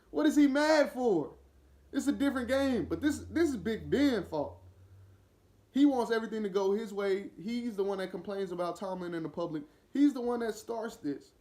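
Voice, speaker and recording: High-voiced man ranting about football. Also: moderate pace. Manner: animated, opinionated, talks straight at the listener; slips into acting out a player's voice. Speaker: podcast host. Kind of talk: solo sports commentary rant.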